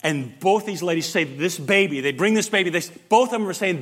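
A man preaching a sermon, emphatic and dynamic, swinging from loud, fervent stretches to hushed, quiet ones. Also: sits high, animated, fairly quick, hardly any pauses. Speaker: pastor.

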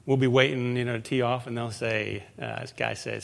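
A male pastor preaching a conversational sermon, moving into animated storytelling. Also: mid-range voice, moderate pace, vocal fry, few pauses.

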